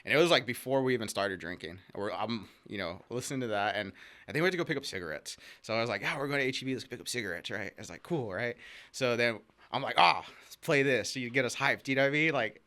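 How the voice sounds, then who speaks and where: A man with a bright, forceful voice shares stories from his twenties in relaxed conversation. He laughs through his anecdotes and jumps into quoted voices as he goes, with a casual, unpolished delivery. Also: medium pitch. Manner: laughs often, animated retelling with quoted voices. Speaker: podcast guest. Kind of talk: casual storytelling chat.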